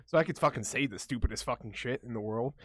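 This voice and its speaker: A man's voice: mid-range voice, fast talker, a bit bright, slightly rough, dry recording. Rambling, profane young man. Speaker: podcast co-host. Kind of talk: casual podcast chat.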